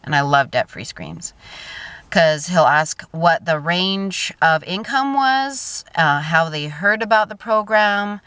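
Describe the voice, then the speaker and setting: A woman's voice: lowish voice, expressive, slow pace, a bit bright, smooth, dry recording. A woman in her thirties talking casually to camera in a personal vlog, chatty and emotional, often trailing off and restarting. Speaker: vlogger.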